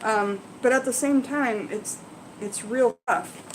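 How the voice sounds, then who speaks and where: A woman's voice: a little high, slow, a little hiss or hum, low-quality recording. Chatty woman host explaining herbs. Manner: chatty and rambling, with frequent ums and asides to viewers. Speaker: herbalism channel host. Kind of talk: casual live Q&A, reading aloud and explaining.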